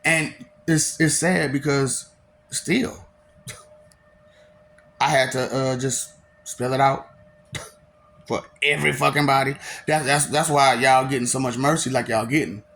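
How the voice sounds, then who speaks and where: A man's voice: mid-range voice, fairly even intonation, a little slow, vocal fry, pauses often, fairly bright tone. A man delivering a taunting, slangy monologue, laughing often between lines.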